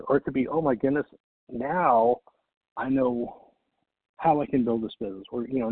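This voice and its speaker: A man's voice: medium pitch, gravelly, husky, dry recording. A middle-aged man telling a motivational business story, acting out both sides of the phone calls. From Texas. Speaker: network marketing speaker. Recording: tinny phone-like audio.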